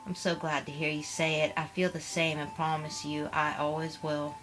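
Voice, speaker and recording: A woman voicing a courteous young male soldier with a Southern US accent, gentle and polite. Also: sits low, level tone, normal speed, soft background music, poor audio.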